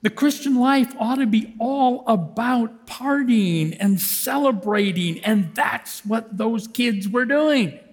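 A man giving a sermon as a lay preacher, animated and swinging between shouts and hushed tones. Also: very high voice, slow pace, few pauses, long reverb tail.

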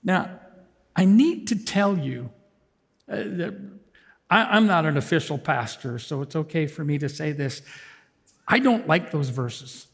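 A man giving a sermon as a lay preacher, animated and swinging between shouts and hushed tones. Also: a little high, measured pace, creaky, long pauses, slightly rough, big-room sound.

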